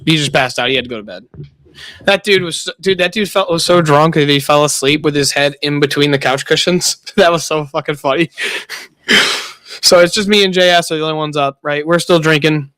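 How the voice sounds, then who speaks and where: A man's voice: a little high, steady tone, normal speed, a bit bright, smooth, no echo. Profane young man telling a story. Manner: profane storytelling, laughs often. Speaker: streamer. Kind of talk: casual chat.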